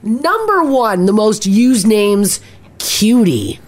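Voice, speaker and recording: A woman's voice: medium pitch, big pitch swings. Teasing woman co-hosting a show. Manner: teasing, quick back-and-forth, laughs often. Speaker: radio show co-host. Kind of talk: casual on-air banter.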